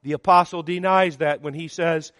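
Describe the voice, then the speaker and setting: A man delivers a sermon in a high, lifted voice. His preaching is measured and emphatic, rising and falling on the words that matter. The sound is close and dry, yet a long reverb hangs in the church hall. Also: fairly even intonation, fairly bright tone.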